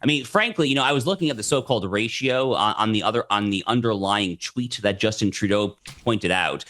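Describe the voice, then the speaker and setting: Male pundit guest, rapid indignant delivery, lowish voice. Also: expressive, fairly bright tone. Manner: fast, indignant, many restarts. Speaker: political commentator guest. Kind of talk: TV news discussion.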